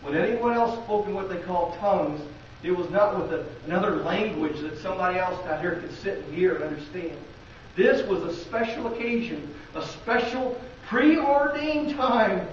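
High-voiced preacher in an echoey church. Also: male voice, normal speed, slight background noise. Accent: Midwestern American. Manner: conversational preaching with rhetorical questions to the congregation. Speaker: pastor. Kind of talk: sermon. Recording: very echoey, distant, dull lo-fi.

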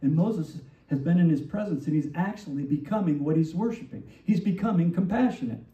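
A man preaching a sermon as pastor, animated and full of rhetorical questions, acting out the lines he quotes. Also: a little high, fairly quick. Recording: distant, roomy, dull church recording.

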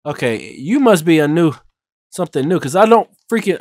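Fairly high-pitched and a little fast, this man streams a horror game with loose, excitable commentary, letting out yelps and curses at every jump scare. The recording is dry, though loud music sits beneath his voice.

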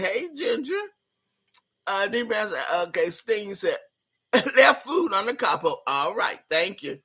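Woman livestreamer, bright tense voice, husky, laughing, rowdy, reads chat comments. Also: mid-range voice. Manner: loud, laughing, rowdy party banter. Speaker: livestream host.

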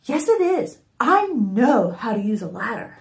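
A woman's voice: a little high, very animated, unhurried, echoey room. A woman putting on a mocking imitation of her stubborn husband, speaking in an exaggerated, smug and dismissive way. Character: mock-stubborn husband, insistent adult man.

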